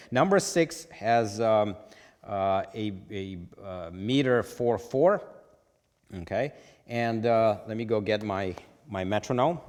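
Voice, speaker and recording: A man's voice: lowish voice, big-room sound. A man teaching a music theory lesson, explaining patiently and checking in with "okay?" after each point.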